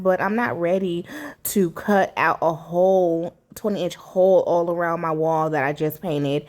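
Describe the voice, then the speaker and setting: Low-voiced woman chatting through a DIY fix. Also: darkish tone. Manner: candid, chatty, with many fillers and "you know"s. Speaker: vlogger. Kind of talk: casual DIY vlog narration.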